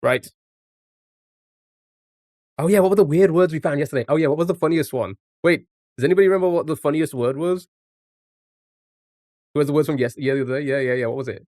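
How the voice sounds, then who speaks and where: Here the man's voice sits on the high side and is a little mellow, moving fast but pausing often, recorded dry at studio quality. He's streaming live and playing a word game, casually joking with his chat, talking back to them, and swearing from time to time.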